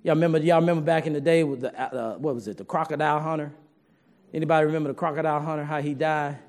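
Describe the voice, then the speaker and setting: A man's voice: on the high side, steady tone, racing, darkish tone. A man preaching a sermon to his congregation in a folksy, humorous way, talking straight to the listeners.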